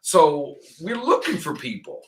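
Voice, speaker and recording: Male radio host, animated and bright, jokey studio banter. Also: a little high, a little slow, low-quality recording. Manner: chatty, joking, exaggerates for laughs. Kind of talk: casual studio chat. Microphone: studio microphone.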